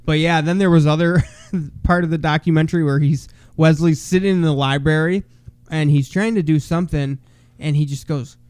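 A man's voice: fairly high pitch, fairly even intonation, moderate pace, a little mellow, clean tone, no echo. A young man co-hosting a podcast, telling stories in a loose, profane, casual chat full of "bro" and "dude". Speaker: podcast co-host.

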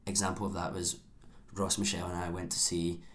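Man, co-host, somewhat low voice, casual and halting. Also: little pitch movement, a bit bright, a little hiss or hum. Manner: halting, restarts sentences. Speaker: podcast co-host. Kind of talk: casual chat.

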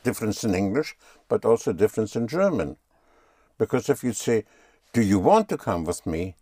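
A man's voice: fairly low pitch, very animated, moderate pace, dark tone, breathy edge, no room sound. A man teaching German in a patient one-on-one lesson, often spelling words out letter by letter.

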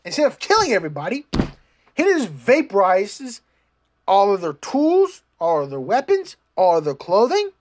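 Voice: medium pitch, moderate pace. Rambling, profane anime fan. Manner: profane, rambling, many restarts; animated when retelling scenes. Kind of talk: casual rambling recap.

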